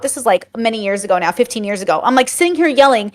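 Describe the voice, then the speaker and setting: A woman's voice: a little high, racing, few pauses. A woman in her thirties telling family stories in casual chat, acting out her parents' lines. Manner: animated storyteller, acts out quotes. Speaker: podcast guest.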